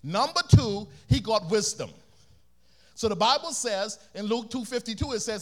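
A man's voice: sits high, moderate pace. A man from the Bahamas with a Bahamian accent, preaching a sermon energetically and calling on the congregation to repeat after him. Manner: energetic, calls for congregation responses.

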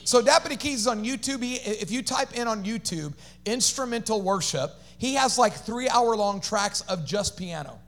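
High-voiced, animated man preaching. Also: normal speed. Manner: animated preaching with call-and-response to the congregation; casual slangy asides. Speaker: pastor. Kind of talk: energetic sermon.

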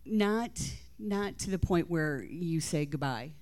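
A woman's voice: fairly low pitch, slow pace, a little mellow. A middle-aged woman, the host's mother, telling tender family stories in a church talk, laughing and near tears. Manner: tender storytelling, laughing and teary. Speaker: mother of the host, guest.

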